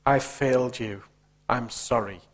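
A man's voice: mid-range voice, a little slow, voice pushed down, natural voice. A man voicing a sorry kitchen tap. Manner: humble, apologetic. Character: sad apologetic male kitchen tap.

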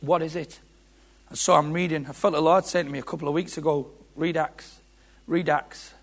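A man's voice: on the high side, fairly even intonation, fast. A man preaching an impassioned sermon, repeating phrases and building to emphatic peaks. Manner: impassioned, repetitive, rising to shouts.

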